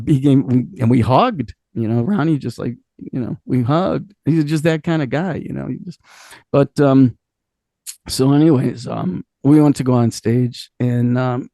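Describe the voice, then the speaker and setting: A man's voice: fairly high pitch, creaky, darkish tone, dry recording. A middle-aged man from Cleveland, a rock singer, telling stories in a casual interview. He swears freely and laughs often as he talks.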